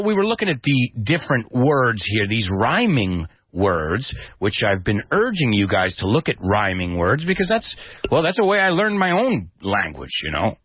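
A man hosting a radio English lesson as DJ and teacher, animated and demonstrative, spelling out words and acting out their meanings. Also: on the low side, breathy edge, no echo, muffled recording. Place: radio studio.

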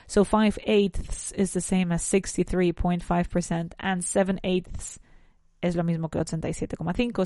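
Lady teaching english words, chatty, kinda low voice, dry close sound. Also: a little mellow, no room sound. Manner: switches between English and Spanish, self-correcting, chatty asides. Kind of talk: bilingual lesson, teaching English vocabulary to Spanish speakers.

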